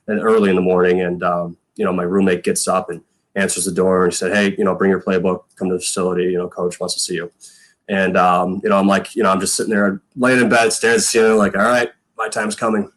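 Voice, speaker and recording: A man's voice: deep voice, level tone, fast, fairly bright tone. A man in his thirties, a former punter guesting on a podcast, telling stories in a rambling way full of fillers and quoted lines. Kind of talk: casual storytelling chat.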